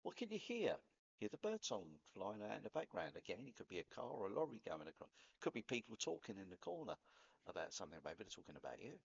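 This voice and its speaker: A chatty man with a Cockney accent rambles along in an easy spoken talk, his low, husky voice rising and falling with plenty of lift. The sound is a little dull and lo-fi. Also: huge pitch swings, fast. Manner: chatty, rambling, laughs at himself. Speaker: vlogger. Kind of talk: casual spoken talk to camera.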